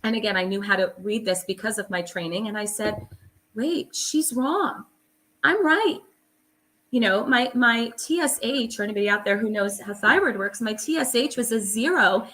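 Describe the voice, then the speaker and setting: A woman's voice: a little high, sharp tone. A middle-aged woman, a holistic psychologist, telling her story as an interview guest in an earnest, emphatic way with many fillers.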